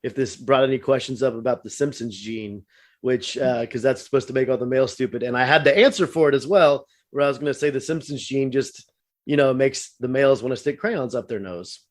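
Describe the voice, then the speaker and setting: A man's voice: medium pitch, fairly quick. A man co-hosting a podcast in casual chat, making jokey asides and laughing a lot.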